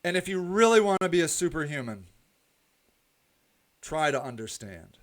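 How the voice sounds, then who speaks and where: A man hosting his own live stream, delivering a heated, repetitive monologue that drifts into soft rambling. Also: on the high side, big pitch swings, normal speed. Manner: preachy, repetitive, ranting then softly rambling. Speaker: host of a live stream show.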